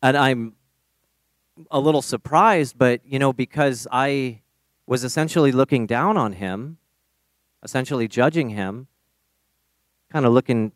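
Animated man telling a personal story. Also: mid-range voice, unhurried, pauses often, no room sound, clean studio sound. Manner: animated, self-deprecating storytelling. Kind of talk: personal testimony told on stage.

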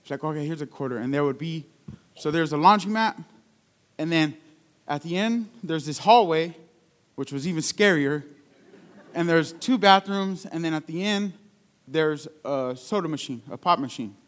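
Young male preacher, sermon delivery, conversational storyteller, voice on the high side. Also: moderate pace, long pauses, clean tone. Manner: conversational storytelling with call-outs.

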